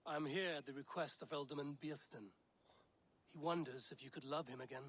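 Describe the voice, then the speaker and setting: An actor playing a calm, stoic male warrior in a video game, speaking quietly and tersely. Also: fairly high pitch, brisk, slightly rough. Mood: steady.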